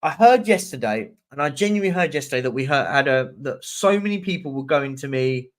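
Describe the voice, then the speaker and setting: A man's voice: mid-range voice, animated, fairly quick. A young man hosting a live stream, chatting casually and answering viewer comments as they come in. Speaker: livestream host.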